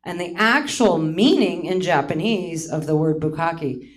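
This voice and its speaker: A Hawaiian woman in her late fifties performs stand-up on a theater stage, mocking herself and often laughing at her own lines. She has a lowish voice and speaks a little slowly.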